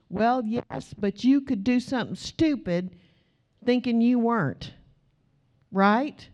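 A woman's voice: on the high side, takes it slowly, a little mellow. A middle-aged woman preaching a sermon in church, emphatic and direct with the congregation. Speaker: pastor.

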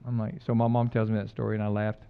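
A middle-aged male pastor preaching a conversational sermon, mixing loud emphatic lines with quiet, jokey personal stories. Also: on the low side, monotone, fast, gravelly, clean tone, narrow, tinny audio.

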